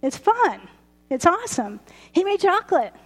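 A woman preaching a lively, chatty sermon, laughing often. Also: very high voice, moderate pace. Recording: roomy hall reverb.

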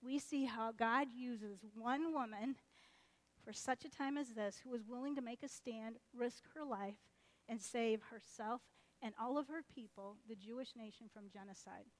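High-voiced woman preaching a story. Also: normal speed. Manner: animated, chatty, acts out voices. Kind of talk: sermon storytelling.

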